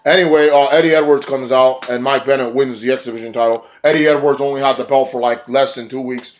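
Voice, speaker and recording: A man rambling through a casual wrestling recap in a vlog, excitable and often swearing. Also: mid-range voice, fast. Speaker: wrestling reviewer.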